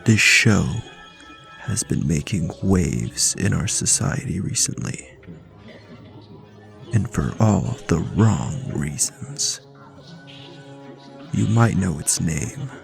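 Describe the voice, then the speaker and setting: A man voicing a deep, gravelly movie-trailer narrator who drags out every word in a hushed, dramatic half-whisper. Faint music plays behind him. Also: expressive, slow pace, long pauses, full character voice. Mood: ominous.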